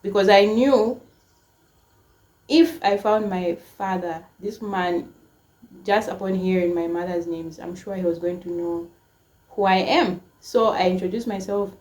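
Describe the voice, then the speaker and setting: A woman's voice: medium pitch, unhurried. A woman in her twenties telling a personal story to camera in a casual, emotional way, full of "like" fillers. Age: 20s. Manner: emotional, frequent "like" fillers, animated quoting. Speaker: storytime vlogger.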